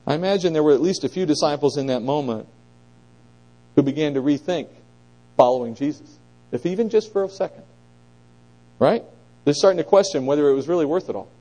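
A middle-aged man teaching a conversational Bible lesson, asking his listeners questions and pressing points with animated emphasis. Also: a little high, fairly quick, pauses often, rough recording.

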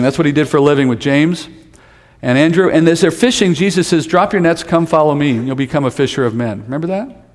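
A male pastor delivers a sermon in an easy, conversational way, slipping in humor and asides. His voice sits a bit high for a man. The sound rings out with the long reverb of a large church hall.

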